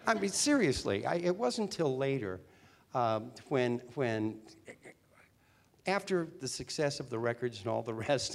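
Chatty older man telling stories. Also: mid-range voice. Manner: chatty, animated, with restarts. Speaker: guest, former teen singer and actor. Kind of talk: storytelling interview talk.

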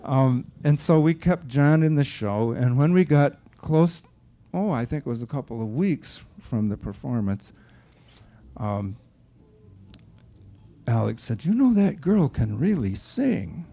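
Older man telling stories, voice dark and dull. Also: mid-range voice, measured pace, pauses often. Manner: animated storyteller who acts out quoted voices. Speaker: opera director and vocal coach. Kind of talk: storytelling talk with anecdotes. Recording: dull lo-fi recording.

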